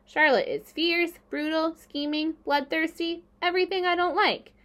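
A woman's voice: very high-pitched, fairly even intonation, moderate pace, fairly bright tone, voice pushed up. An innocent young male pig in a storybook, eager and easily upset, as a woman reading aloud puts him on. His voice sits well above the reader's own and sounds wide-eyed and earnest.

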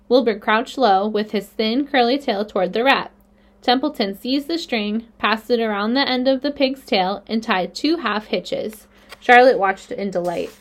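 A woman narrating a children's novel aloud in a clear, expressive storytelling manner. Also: a little high, measured pace.

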